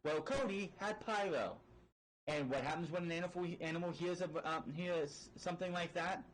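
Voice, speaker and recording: A man's voice: on the high side, normal speed, slight background noise, rough recording. A man casually recapping a wrestling match play-by-play, rambling with fillers and frequent swearing. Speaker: wrestling show reviewer.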